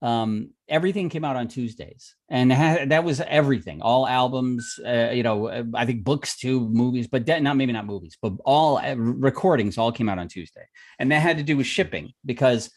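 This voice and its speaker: A man chatting casually on a livestream, winding through a long story. He keeps restarting his sentences and packs them with fillers. His pitch sits in the middle for a man. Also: normal speed. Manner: rambling storyteller with many restarts. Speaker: podcast co-host. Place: music industry veteran, former record store clerk.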